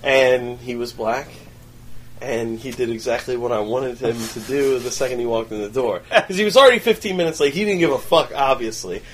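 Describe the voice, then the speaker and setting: A man in casual chat, telling animated stories and acting out other people's voices. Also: mid-range voice, a little fast, slight background noise. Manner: animated storyteller, acts out voices loudly.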